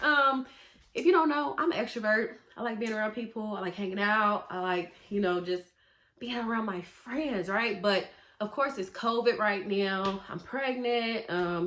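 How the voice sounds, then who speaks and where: Chatty young woman in a roomy space. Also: mid-range voice. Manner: chatty, animated, often asks "right?". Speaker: vlogger, mental health therapist. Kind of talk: casual personal vlog talk. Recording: roomy echo.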